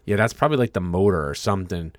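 A man's voice: sits low, animated, very fast, dry recording, clean studio sound. A man co-hosting a podcast, telling stories and teasing his friend in casual chat. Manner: joking, storytelling, teasing. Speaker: podcast co-host and teacher.

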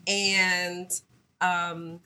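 A woman's voice: on the low side, level tone, extremely slow, pushed and bright, clear, resonant tone. A woman co-hosting a podcast, teasing and laughing in loose, brash banter. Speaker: podcast co-host.

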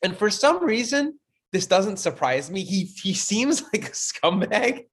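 Man, podcast co-host, lively pitch, slightly high voice, slangy banter. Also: unhurried, breathy edge. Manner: animated, laughing, slangy banter. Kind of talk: casual chat.

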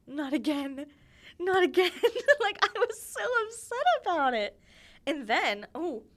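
A woman's voice: on the high side, a bit bright. A young woman hosting her own podcast, telling childhood stories in a chatty, giggly way and acting out quoted voices. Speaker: podcast host. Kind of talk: casual solo storytelling.

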